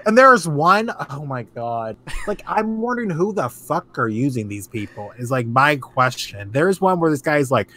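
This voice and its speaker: A man's voice: fairly high pitch, very animated, normal speed, few pauses, bright, forceful tone. A man co-hosting a casual podcast chat, ranting animatedly and swearing freely. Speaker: podcast co-host.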